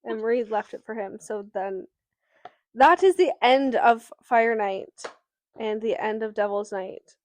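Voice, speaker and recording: A podcast co-host, a woman, walks through a novel's plot in a casual book discussion full of fillers and occasional swearing. She speaks at a measured pace in a voice on the high side, and the recording is dry.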